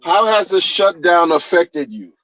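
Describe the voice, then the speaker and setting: A man's voice: sits high, big pitch swings, a little slow, fairly bright tone, dry recording, rough recording. A man ranting in a heated, mocking way, repeating phrases to drive his point home. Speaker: streamer ranting commentary. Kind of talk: casual rant.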